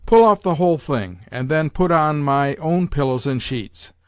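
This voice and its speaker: A man reading an audiobook, voicing an imperious, domineering old grandmother with a loud, sharp, commanding voice pitched above his own. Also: expressive, normal speed, no room sound, studio quality, close to an everyday voice.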